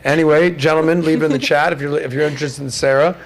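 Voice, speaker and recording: Animated man hosting a casual podcast. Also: fast talker, gravelly. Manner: animated storyteller, jumps into high mocking voices for others. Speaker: podcast host. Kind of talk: casual chat.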